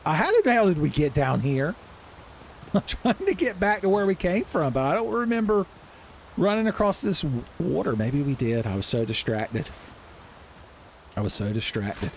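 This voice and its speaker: A man giving loud, profane, joking commentary while playing a video game. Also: high voice, very animated, normal speed, vocal fry, a little hiss or hum. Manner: loud, profane, jokey, yelling at enemies. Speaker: gaming streamer. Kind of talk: casual gameplay commentary. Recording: gameplay music behind voice.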